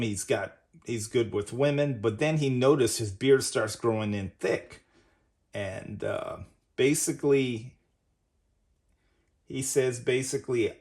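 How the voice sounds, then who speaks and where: A man's voice: medium pitch, a little mellow. A man hosting a casual comic book review, rambling and leaning on "basically" as he retells the story. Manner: rambling, says "basically" often.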